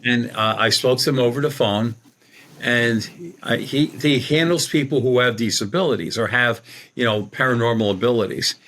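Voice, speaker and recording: Brief: middle-aged male medium guest, colloquial rambling storyteller, mid-pitched. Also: moderate pace, a bit bright. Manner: rambling, colloquial, acts out quoted dialogue. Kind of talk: conversational storytelling.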